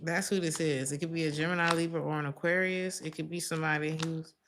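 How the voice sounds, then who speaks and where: A woman's voice: low voice, steady tone, quick pace, background noise. A woman giving a casual tarot reading, chatty and slangy, laughing often between remarks. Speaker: tarot reader.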